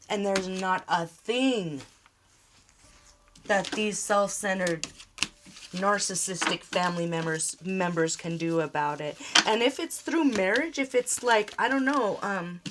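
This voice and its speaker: A woman's voice: mid-range voice, a bit bright, a little hiss or hum. Earnest woman giving a tarot reading. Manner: earnest, emotional, reassuring, repeats short urgings. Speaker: tarot reader.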